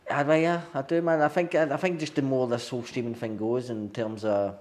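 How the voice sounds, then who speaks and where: A man's voice: medium pitch, fairly even intonation, brisk, darkish tone. A man chatting as an interview guest, eagerly agreeing and peppering his talk with "man" and "definitely". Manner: enthusiastic, lots of "man" and "definitely". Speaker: filmmaker guest. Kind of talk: casual chat.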